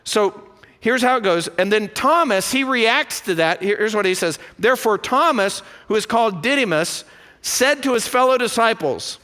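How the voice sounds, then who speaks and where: A male pastor preaching a sermon in a church, animated and full of rhetorical questions. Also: high voice, moderate pace, big-room sound. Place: church sanctuary.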